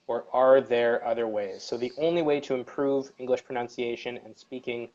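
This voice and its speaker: A man's voice: mid-range voice, darkish tone, muffled recording. A man co-hosting a live English Q&A, reading out viewer questions and answering them. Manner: reads viewer questions aloud, then answers at length. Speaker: English teacher, co-host. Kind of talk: live-streamed Q&A chat.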